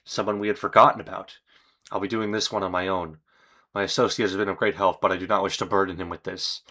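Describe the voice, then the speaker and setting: A man reading as a grim, weary man writing a confession journal, in a solemn, measured way. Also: deep voice, flat delivery, bright, forceful tone.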